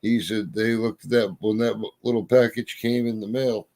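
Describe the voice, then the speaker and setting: A man's voice: on the low side, little pitch movement, normal speed, a little mellow. A man in a casual chat, telling folksy stories with a drawl and mild cursing. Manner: folksy storyteller, drawling, swears mildly.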